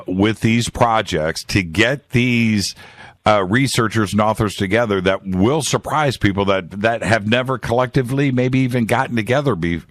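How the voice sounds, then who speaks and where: A man's voice: fairly low pitch, no echo. A man hosting a talk show interview, speaking emphatically and often checking in with his listener. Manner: emphatic, keeps checking in with "right?".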